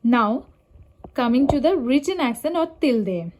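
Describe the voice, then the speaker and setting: A woman Spanish teacher giving a slow, measured lesson, pronouncing example words carefully and clearly. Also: sits high, expressive, a little mellow, a little hiss or hum. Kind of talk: slow explanatory language lesson.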